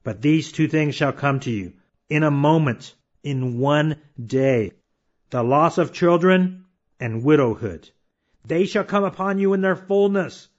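A man preaching a sermon emphatically, reading scripture slowly and firing off rhetorical questions. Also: on the high side. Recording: dull lo-fi sound.

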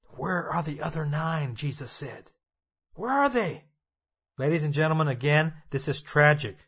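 A man's voice: sits high, pushed and bright, lo-fi sound. A male preacher giving a sermon, emphatic and repetitive, addressing his listeners directly.

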